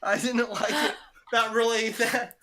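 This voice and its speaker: A man co-hosting a podcast, with wry, sarcastic, deadpan casual chat. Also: extremely high pitch, a little slow, very noisy. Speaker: podcast co-host.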